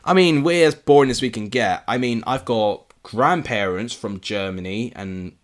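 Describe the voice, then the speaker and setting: A man's voice: medium pitch, normal speed. A young man from England hosting a live football watchalong, chatting casually and answering viewer comments. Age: young adult. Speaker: livestream host.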